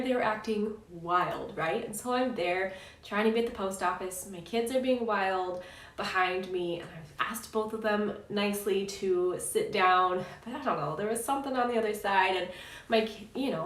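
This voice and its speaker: A woman in her thirties, a parenting coach, telling a personal story in an earnest, chatty way and checking in with "right?". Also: medium pitch. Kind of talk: casual advice talk to camera. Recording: roomy echo, slightly distant mic.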